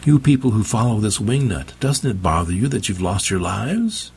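A man's voice: on the low side, sing-song, moderate pace, creaky, a little mellow, a little hiss or hum, voice pushed up. A man voicing a defiant woman vampire. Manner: firm, defiant. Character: defiant young female vampire, fighter.

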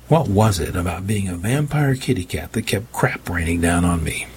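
A man narrating a story in the first person with a wry, deadpan delivery and a husky voice. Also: deep voice, moderate pace, hardly any pauses, a little hiss or hum. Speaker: audiobook narrator.

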